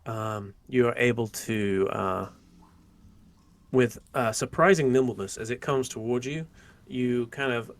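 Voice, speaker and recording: A man narrates a tabletop game as its game master. His voice carries a gravelly edge. He keeps a relaxed flow, stopping often for fillers and restarts. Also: mid-range voice, a little slow.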